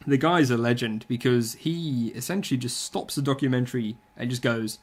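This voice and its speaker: A man's voice: medium pitch, normal speed. A man, chatting casually and bluntly, with strong opinions and plenty of swearing. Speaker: podcast co-host. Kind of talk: casual chat.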